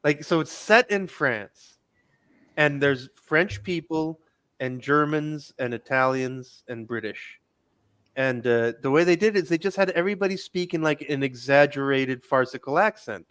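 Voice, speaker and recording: A man tells stories animatedly in a casual podcast chat, slipping into put-on accents. His voice sits slightly high and sounds dry and close, with no room echo. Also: moderate pace, smooth. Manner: animated storyteller, acts out accents.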